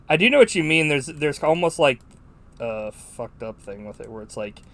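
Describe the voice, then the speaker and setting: A man's voice: a little high, lively intonation, moderate pace. A man co-hosting a podcast, chatting casually about a film in a rambling, profane way with many fillers. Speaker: podcast co-host.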